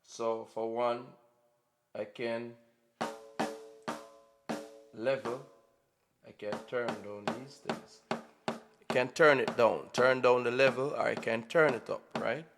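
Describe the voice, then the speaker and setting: A man's voice: medium pitch, steady tone, music in the background. A man giving an unscripted, casual drum kit tutorial, often checking in with "right?". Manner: slow, informal, repeats "right?" often. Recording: long reverb in a hall-like room.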